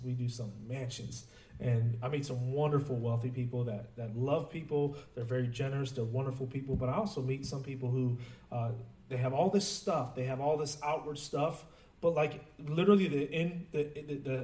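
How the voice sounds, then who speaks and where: A man's voice: a little high, a little mellow. Man, pastor, casual sermon, lots of restarts, echoey hall, distant mic. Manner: conversational, many fillers and restarts. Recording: roomy echo, voice from a distance.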